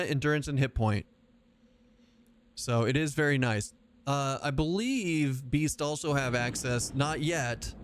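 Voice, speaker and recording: A man's voice: medium pitch, smooth. A man streaming an online game, talking casually in a joking, rambling way with frequent swearing and asides to chat. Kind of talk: casual livestream chat while gaming.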